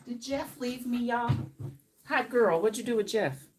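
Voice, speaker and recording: A woman's voice: fairly high pitch, a little slow, slight background noise. A middle-aged woman hairstylist hosting a casual livestream from her salon, chatting to viewers by name while she works. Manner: chatty, talks to viewers by name, sings little bits.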